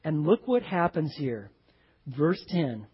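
Preacher in a reverberant church hall. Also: male voice, fairly high pitch, slow, husky. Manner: animated, acts out voices of characters. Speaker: pastor. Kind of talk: sermon. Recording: dull audio with long hall reverb.

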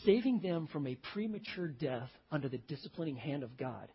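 A man preaching a sermon as a pastor, telling stories and rising to sudden loud emphasis. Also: on the high side, sing-song, a little fast, breathy edge, lo-fi sound.

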